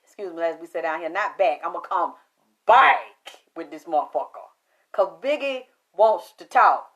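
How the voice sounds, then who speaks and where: A woman telling a story about a spiritual reading to an audience in a casual, animated way, full of cursing and sudden excited jumps in pitch. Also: moderate pace. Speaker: spiritual medium recounting a reading.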